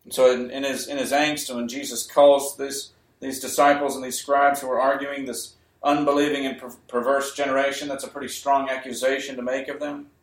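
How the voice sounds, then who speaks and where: A man's voice: mid-range voice, little pitch movement, a little fast, hardly any pauses. A man preaching a sermon, emphatic and repeating key phrases, sometimes raising his voice. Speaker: pastor. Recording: echoey room.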